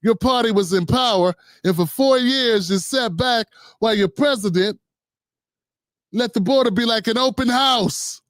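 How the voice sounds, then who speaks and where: A man's voice: very high-pitched, normal speed, fairly bright tone, no echo, studio quality. A man hosting a live political commentary show, blunt and mocking, talking straight to his viewers. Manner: mocking, blunt, mimics people in put-on voices.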